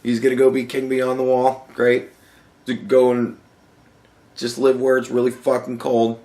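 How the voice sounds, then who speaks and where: A young male podcast host rants sarcastically and swears nonstop in an echoey room. His mid-range voice is monotone and dark in tone, and he keeps a measured pace.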